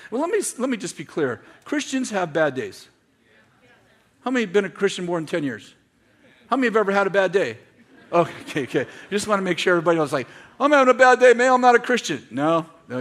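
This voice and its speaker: A man preaching a sermon to a congregation, telling stories with quoted dialogue and building to shouted, repeated lines. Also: a little high. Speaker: pastor. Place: church in front of a congregation.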